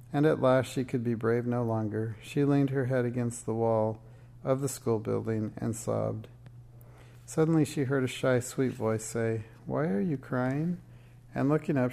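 A man reading a children's book aloud in a steady, measured storytelling way. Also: mid-range voice, creaky. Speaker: narrator.

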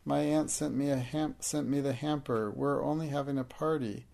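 A man's voice: medium pitch, steady tone, normal speed, creaky, a little mellow, pitched above the performer's own voice, natural voice. A man reading the part of a tearful schoolgirl in an audiobook, pleading through sobs. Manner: sobbing, pleading.

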